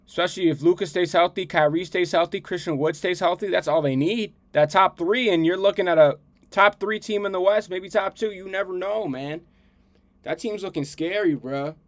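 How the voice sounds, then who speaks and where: A man's voice: high voice, dry recording. Slangy, heated man ranting sports. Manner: repeats himself, slangy and animated, heated rants. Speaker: podcast host. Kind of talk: casual sports commentary.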